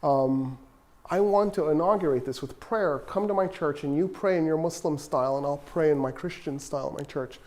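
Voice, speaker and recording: A man's voice: on the high side, a little fast, a little mellow, natural voice. A man voicing an elderly male church patriarch who is bewildered and hesitant, with a stammering delivery. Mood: hopeful.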